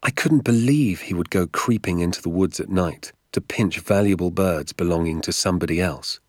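A man reading a story aloud in a calm, measured narrating voice. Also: low-pitched, no echo, clean studio sound. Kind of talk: audiobook narration.

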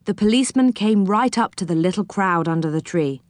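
A woman reading a children's storybook aloud, expressive and dropping her voice for each speech tag. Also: mid-range voice, fairly quick, no room sound, clean studio sound.

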